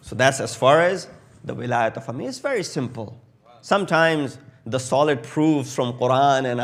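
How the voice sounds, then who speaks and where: A man preaching a sermon in English with a South Asian accent, telling a story with acted quotes that swell loud at the peaks. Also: medium pitch. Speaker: Shia preacher. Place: mosque hall.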